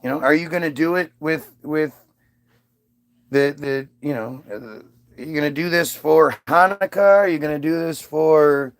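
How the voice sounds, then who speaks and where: Man, fairly high voice, gravelly, casual aggrieved storytelling, swears, restarts a lot. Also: moderate pace. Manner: profane, aggrieved retelling with many restarts. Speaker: father telling a personal story.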